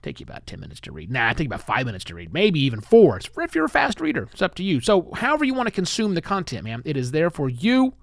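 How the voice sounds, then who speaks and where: A man hosting a live-streamed solo podcast, lively and chatty, with self-deprecating asides. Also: fairly high pitch, quick pace, hardly any pauses, no echo, studio quality. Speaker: podcast host.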